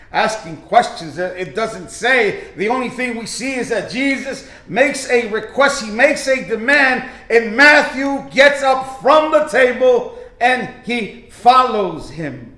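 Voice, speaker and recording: A man's voice: very high-pitched, expressive, slow pace, bright, forceful tone. A male pastor preaching a sermon with fervor, often restarting his sentences and acting out quoted lines. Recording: echoey room.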